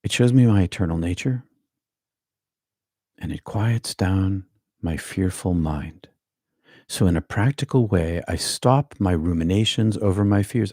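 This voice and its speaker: A middle-aged man with a Boston accent, giving a calm, unhurried live-streamed meditation talk and chatting with his viewers. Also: deep voice, husky, no room sound, clean studio sound. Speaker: meditation teacher.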